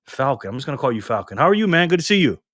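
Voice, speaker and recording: A man's voice: medium pitch, very animated, very fast, a bit bright, no room sound, clean studio sound. A man hosting a casual live stream, greeting chat viewers by name in a friendly, upbeat way from home. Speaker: livestream host. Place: home room in Las Vegas.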